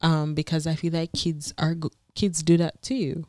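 A woman's voice: deep voice, flat delivery, moderate pace, a little mellow, no room sound, clean studio sound. A woman co-hosting a casual couple's podcast, earnest and explaining her view at length. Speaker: podcast co-host.

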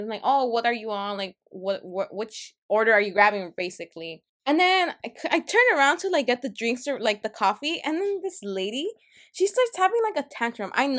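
A young woman co-hosting a podcast, chatting casually and telling a work story with lots of acted-out quotes. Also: a little high. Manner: animated storytelling, acts out quoted people. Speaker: podcast co-host. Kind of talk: casual chat.

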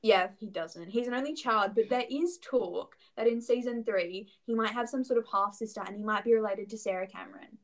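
A woman's voice: medium pitch, brisk, few pauses, low-quality recording. A young Australian woman co-hosting a podcast, chatting casually with lots of "like" fillers. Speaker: podcast co-host. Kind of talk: casual chat.

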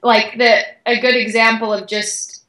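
A young woman guest, an athlete, telling a story in an excited, chatty way with many "like"s. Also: fairly high pitch, a little slow, echoey room, low-quality recording. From Canada. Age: young adult. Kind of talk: animated storytelling.

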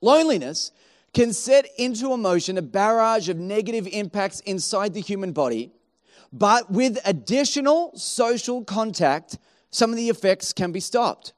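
A man preaching a sermon in a lively, animated way, acting out everyday voices as he tells stories. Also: sits high, normal speed. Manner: animated, acts out quoted voices. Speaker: pastor.

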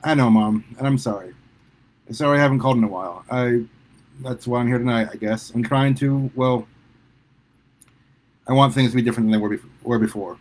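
A man voicing a sheepish young male superhero who talks haltingly to his mother. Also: medium pitch, a little mellow, natural voice. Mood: hesitant, earnest. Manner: halting, hesitant, lots of restarts.

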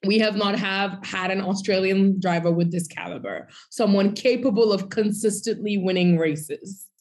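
A woman co-hosting a podcast in casual chat, animated, breaking into sung bits and mock quotes. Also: mid-range voice, moderate pace. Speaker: podcast co-host.

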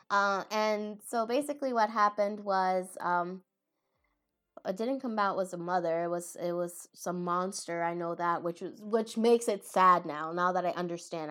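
A woman's voice: lowish voice, steady tone, normal speed, a bit bright, clean tone, soft background music. A woman chatting casually about anime, rambling, laughing and often stopping to correct herself. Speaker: anime vlogger. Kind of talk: casual chat.

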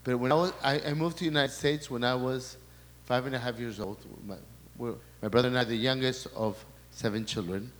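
A male priest gives a sermon talk in a large hall, his middle-pitched voice trailing off in a long reverb. He stops and restarts often and repeats words as he passes along quoted messages to the listeners. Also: fairly even intonation, a little fast, a bit bright.

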